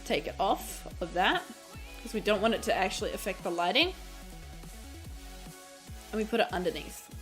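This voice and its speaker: A woman's voice: mid-range voice, expressive, normal speed, long pauses, soft background music. A woman from Australia. She streams and chats casually while explaining her digital painting, giggling and repeating phrases, a bit under the weather and coughing. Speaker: streamer and artist.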